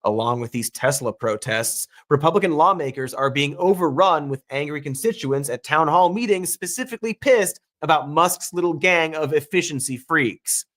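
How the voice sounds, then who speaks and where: A man's voice: on the high side, lively intonation, moderate pace, few pauses, a bit bright. A man reading scripted political commentary in a sarcastic, mocking tone, played as a clip. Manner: sarcastic, dry mockery.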